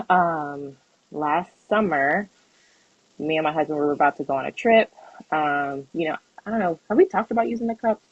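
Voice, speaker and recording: A young woman co-hosting a podcast, telling a personal story in a casual, animated way, acting out the voices of others and laughing often. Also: low voice, breathy edge, dry recording, highs cut off. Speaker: podcast co-host.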